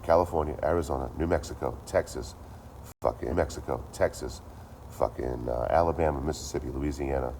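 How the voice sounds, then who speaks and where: A man with a very deep voice ranting to his live chat. He swears constantly, repeats himself and talks in a loose, animated way. A faint hum of vehicle noise sits under his voice. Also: fairly quick, gravelly. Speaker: streamer. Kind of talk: casual rant to a live chat.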